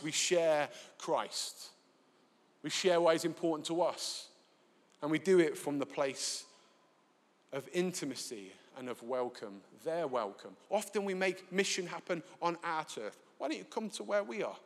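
A man preaching a sermon in a church, telling a lively, self-deprecating personal story. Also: on the high side. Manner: animated storyteller, self-deprecating, acts out voices. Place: church, live. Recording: reverberant church hall.

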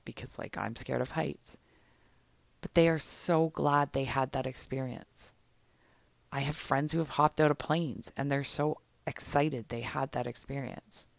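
Slow low-voiced woman podcast host. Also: creaky, no room sound. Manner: slow, soothing, encouraging. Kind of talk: guided affirmation meditation.

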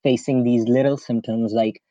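A young man from Pakistan talks through a podcast story in a loose, rambling way, leaning on "like" and fillers. His voice is dark and mellow, and the recording sounds dry and a little dull. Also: medium pitch, steady tone, moderate pace, dry recording. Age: young adult. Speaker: podcast host. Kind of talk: casual podcast chat.

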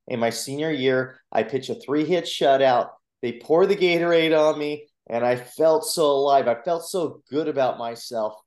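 A man who coaches and gives talks recounts his own story in an interview, earnest and animated as he acts out the voices of people in it. His voice sits at an ordinary middle pitch. The recording has a roomy echo. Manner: earnest, animated retelling with acted quotes. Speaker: motivational coach and speaker. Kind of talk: personal storytelling in a podcast interview.

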